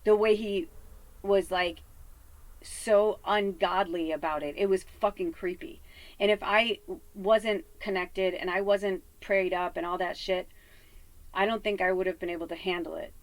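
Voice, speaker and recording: A psychic medium from Chicago vlogs casually, telling a heated story laced with curses and constant "you know" and "like" fillers. She keeps a steady tone at a measured pace in a medium pitch, on a dry, rough recording.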